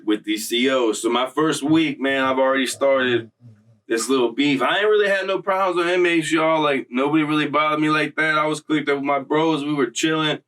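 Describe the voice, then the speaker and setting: A man hosting his own vlog, telling prison stories in slangy, profane, animated casual talk. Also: medium pitch, recorded from a distance. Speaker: vlog host. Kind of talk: casual storytelling.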